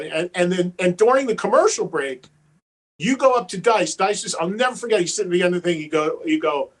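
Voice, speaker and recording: Speaking a bit quickly in a high-pitched voice, a male talk show guest spins a lengthy, casual story. He plays out each character with lively energy and a fondness for imitating how they talked.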